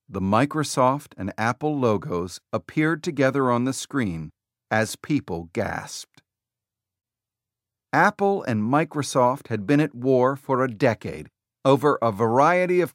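A man narrates a nonfiction audiobook in a measured, even way. His voice sits at a middling pitch and is recorded close and dry, with no room sound around it. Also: dry recording. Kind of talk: scripted narration.

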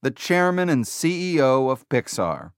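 A narrator voicing a confident tech executive. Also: male voice, mid-range voice, very animated, a little slow, clean tone, no room sound, studio quality. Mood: emphatic. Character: confident male tech executive giving a keynote. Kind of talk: quoted speech within audiobook narration.

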